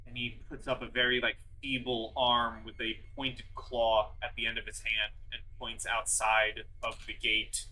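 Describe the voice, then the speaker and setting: Bright-voiced man running a tabletop game. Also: mid-range voice, little pitch movement, measured pace, poor audio. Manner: rambling, filler-heavy narration. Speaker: game master.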